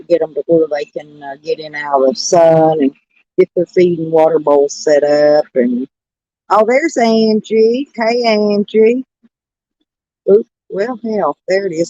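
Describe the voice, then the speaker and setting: A woman's voice: deep voice, unhurried, dark tone. A woman chatting casually on a live stream, rambling and greeting viewers by name. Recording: dull dry lo-fi sound.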